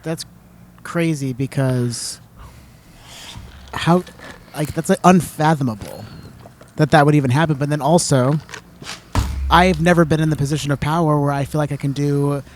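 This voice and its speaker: A man with a fairly high voice chats on a podcast. He muses slowly, drawing his thoughts out at length. A faint background noise sits under his voice. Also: fairly even intonation. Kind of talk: casual chat.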